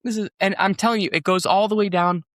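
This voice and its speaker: A man's voice: high voice, fairly even intonation, fast talker, a bit bright, no echo, studio quality. A man, a pastor, telling a personal story on a podcast in an earnest, rambling way with many fillers. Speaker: pastor and guest.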